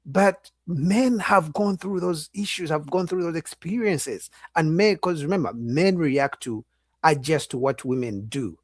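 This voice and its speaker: Opinionated male commentator, higher voice. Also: lively intonation, a little slow, dry recording, studio quality. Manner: opinionated, lecturing. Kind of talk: reaction commentary.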